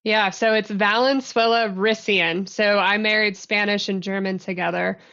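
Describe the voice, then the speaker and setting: A woman's voice: mid-range voice, fairly even intonation, moderate pace, a bit bright, smooth, dull audio. A woman guest on a podcast, answering in an easygoing, friendly way. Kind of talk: casual interview answers.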